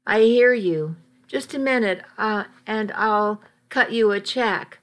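A woman voicing a gentle, soft-spoken male rancher with a Texan drawl, in a read-aloud story. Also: medium pitch, slow pace, close to an everyday voice. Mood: soft courteous.

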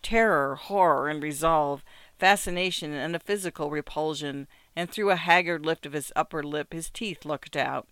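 A narrator reading classic fiction aloud in a measured, even storytelling manner. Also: mid-range voice, smooth, no echo.

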